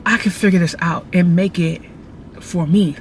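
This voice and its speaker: A woman chatting casually to her viewers in a vlog, telling stories in an animated, slangy way while out running errands. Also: lowish voice, normal speed, slight background noise. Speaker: vlogger.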